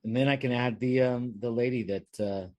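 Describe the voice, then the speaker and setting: A man's voice: medium pitch, steady tone, brisk, a little mellow, no echo, muffled recording. Dry-sounding rambling male podcast host. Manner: rambling, with many fillers and restarts. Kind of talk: casual chat, storytelling.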